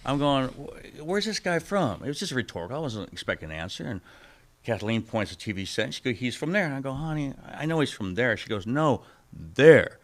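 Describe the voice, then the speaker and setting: A middle-aged man sharing his personal testimony as a podcast guest, animated and acting out the people he quotes, swinging between loud bursts and hushed asides. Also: lowish voice. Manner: animated storyteller who acts out the people he quotes.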